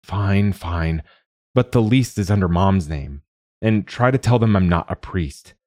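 A man's voice: sits low, expressive, a little slow, a little mellow, no room sound, clean studio sound. A man voicing a stubborn, exasperated young refugee woman who protests bluntly.

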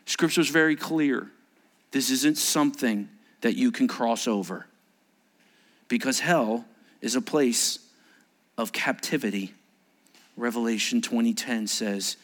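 Guy pastor giving a serious sermon, mid-pitched voice, gets intense on the quotes. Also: normal speed. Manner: solemn, rising to forceful emphasis on quotations.

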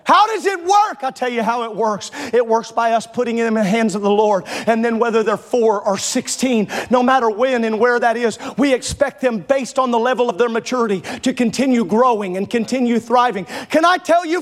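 A pastor in his forties preaching a sermon to a congregation in church, passionate and building to shouts. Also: very high voice, a little fast, hardly any pauses. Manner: impassioned, builds to shouting, stretches key phrases. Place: church sanctuary before a congregation.

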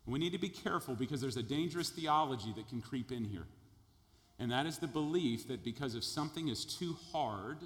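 Emphatic male preacher in an echoing hall. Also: medium pitch. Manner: emphatic, builds in volume, repeats words. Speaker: pastor. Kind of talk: sermon.

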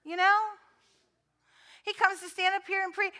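A woman pastor preaching a sermon, moving between conversational storytelling and loud, fervent repetition. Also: extremely high pitch, fairly even intonation, unhurried.

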